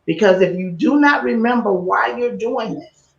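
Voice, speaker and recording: Female guest, somewhat high voice, laughs easily, roomy and lo-fi audio. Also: moderate pace, gravelly. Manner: laughs easily, earnest when encouraging. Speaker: guest YouTuber. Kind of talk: casual interview chat. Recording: roomy, dull remote audio.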